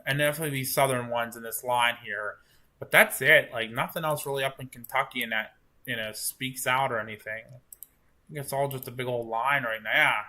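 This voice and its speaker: Male live-stream host, bright voice of middle pitch, loose and chatty with his viewers. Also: a little fast. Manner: relaxed, rambling, chatting with viewers. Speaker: livestream storm chaser host. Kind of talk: casual live-stream commentary. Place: at home on a couch.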